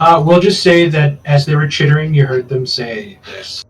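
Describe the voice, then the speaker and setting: A man running a tabletop game as game master, relaxed and casual, pausing to correct himself. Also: on the high side. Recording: distant mic with faint background noise.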